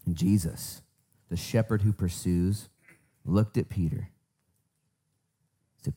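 A male pastor preaching and praying, fervent, swinging from hushed words to emphatic bursts. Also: deep voice, animated, slow, pauses often, slightly rough. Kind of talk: sermon with prayer.

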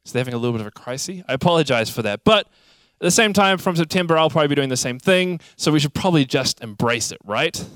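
A young man preaching a sermon, telling childhood stories in a lively, animated way. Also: fairly high pitch, fast, no echo, studio quality. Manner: animated storytelling, acts out childhood scenes. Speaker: pastor.

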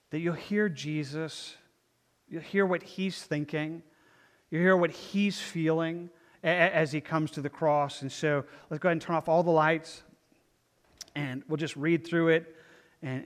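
Guy pastor, bit high voice, slow thoughtful sermon, trails off soft at line ends, big echoey church. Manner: slow and reflective, trailing off softly at phrase ends. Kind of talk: sermon with scripture reading. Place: church sanctuary with lights dimmed. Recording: long reverb of a church hall.

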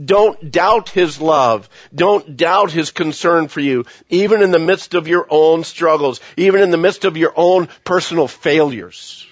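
Man, pastor, sermon, earnest, repeats phrases, hushed drops, lo-fi recording. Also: fairly high pitch, unhurried, hardly any pauses, dry recording. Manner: earnest, repetitive preaching with dramatic drops to a hush. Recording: dull, lo-fi sound.

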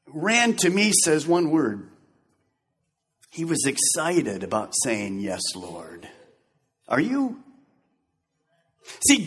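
Animated, husky-voiced male preacher. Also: sits high, in a large hall. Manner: animated and joking, acting out scenes. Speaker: pastor. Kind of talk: sermon.

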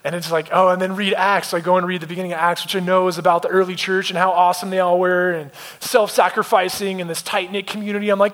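Guy pastor telling a story at church, kinda high voice, chatty and honest, goes real quiet sometimes. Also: flat delivery, fast, few pauses. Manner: conversational, confessional, drops to near whispers in quiet moments. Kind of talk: sermon storytelling.

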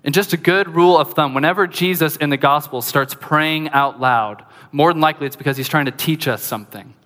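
A man preaching a sermon as pastor, lively and conversational, with joking asides to the congregation. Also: a little high, brisk, long reverb tail.

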